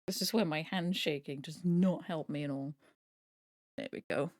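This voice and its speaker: Woman streamer, chatty self-talk, mild swearing, slightly low voice, dry close mic. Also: moderate pace, no echo. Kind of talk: casual chat while sewing on a live stream.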